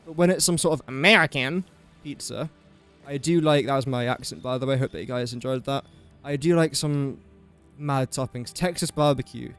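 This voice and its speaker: A man's voice: medium pitch, brisk, a little mellow, smooth, faint music behind. A young man from England chatting casually on a gaming livestream, rambling and self-mocking as he builds. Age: young adult. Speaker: streamer.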